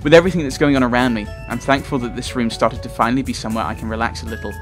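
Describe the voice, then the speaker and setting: A man reading a visual novel aloud as a let's player, chatty and quick to laugh at his own slips. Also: medium pitch, fairly even intonation, faint music behind.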